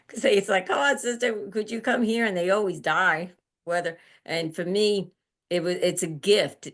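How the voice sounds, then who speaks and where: A middle-aged woman answering interview questions gently, halting and restarting as she talks. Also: sits low. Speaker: interview guest, end-of-life doula.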